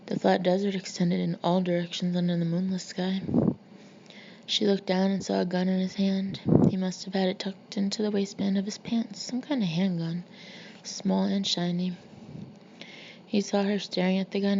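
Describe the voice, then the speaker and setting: A woman reading a novel aloud in a measured, even manner. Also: medium pitch, vocal fry. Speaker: audiobook reader. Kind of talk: scripted narration. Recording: muffled lo-fi recording with faint hiss.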